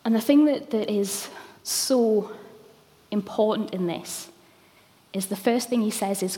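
A woman in her thirties delivers a sermon in a warm, candid, conversational way, sprinkled with ums. Her voice sits at a middle pitch. A long hall reverb trails behind each phrase. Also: normal speed. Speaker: preacher.

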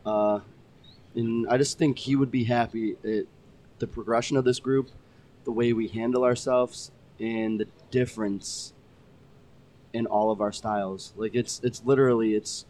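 A man's voice: medium pitch, steady tone, moderate pace, a little mellow. A man who is a wrestler, speaking earnestly and from the heart as a podcast guest. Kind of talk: casual chat.

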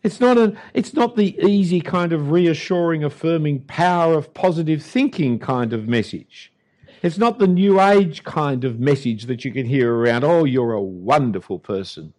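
A man's voice: on the high side, animated, normal speed, darkish tone. An older man with an Australian accent preaching a sermon as an Anglican pastor, emphatic and punchy, with dry humour.

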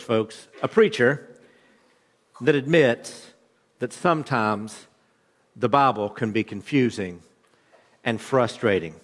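Pastor, thirties, male, mid-pitched, chatty jokey sermon delivery, hall echo. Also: fairly bright tone. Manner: conversational, joking storytelling. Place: church hall.

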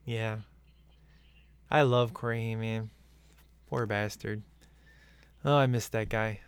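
A man's voice: on the low side, fairly even intonation, takes it slowly, smooth. A man in casual, rambling chat as he watches a film at home, laughing often. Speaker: movie commentary viewer.

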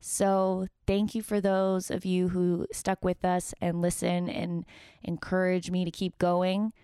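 A woman in her thirties talks straight into a close mic, chatty and candid, and she swears without a second thought. Her voice sits a little low and comes through smooth and clear in a dry, dead room. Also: monotone, slow, warm tone, no room sound. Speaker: podcast host. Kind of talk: casual podcast monologue.

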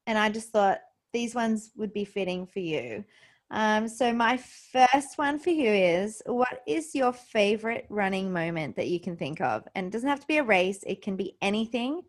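Woman, podcast host, effusive, casual chat. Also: mid-range voice. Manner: warm and effusive, gets emotional.

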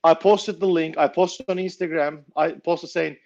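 A knife maker telling a story casually, blunt and swearing freely. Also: male voice, a little high, fairly even intonation, normal speed, gravelly, a little mellow, dull audio.

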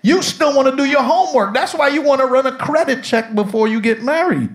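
A man's voice: very high-pitched, brisk. A man preaching a humorous sermon as pastor, telling jokes and calling on his congregation to answer back. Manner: call-and-response with congregation, jokey. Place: church sanctuary with congregation.

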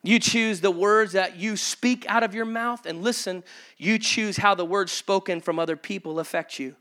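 A male pastor in his forties preaching an energetic sermon to a congregation in a church auditorium. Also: high voice, moderate pace.

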